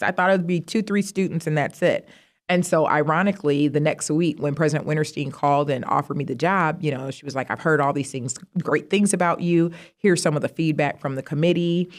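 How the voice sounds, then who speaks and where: A middle-aged woman, a university vice president, telling stories in a casual interview, animated and jumping high in pitch when she quotes herself. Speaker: guest, university vice president of student affairs.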